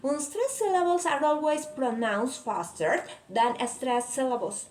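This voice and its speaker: Student presenter: high-pitched woman, Spanish first language, reads deliberately; roomy echo. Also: darkish tone. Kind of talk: reading a prepared explanation. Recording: echoey room, faint ambient noise.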